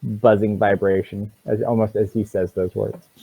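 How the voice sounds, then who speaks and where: A man's voice: on the low side, flat delivery, normal speed, gravelly, husky. A man narrating as game master in a tabletop game, loose and full of fillers. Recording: tinny phone-like mic, dry.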